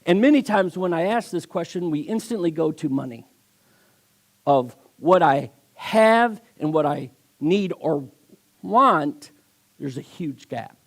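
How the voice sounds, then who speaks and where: A man's voice: on the high side, expressive, a little slow. A man preaching a sermon as a guest speaker, telling stories with acted voices and emphatic delivery.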